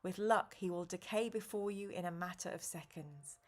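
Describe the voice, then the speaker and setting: A woman voicing a weary, stern old male wizard who speaks calmly and in measured tones while reading a gamebook aloud. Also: fairly low pitch, natural voice. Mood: grave, calm.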